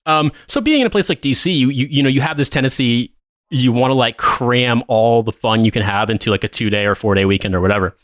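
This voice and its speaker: A man's voice: mid-range voice, fast, a bit bright, no echo, clean studio sound. A man in his thirties co-hosting a podcast, telling a long story in casual chat, rambling and swearing, laughing often. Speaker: podcast co-host.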